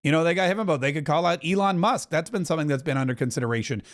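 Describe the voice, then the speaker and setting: A man's voice: on the high side, very fast. A middle-aged man hosting a political podcast, giving chatty live commentary with wry asides over a broadcast.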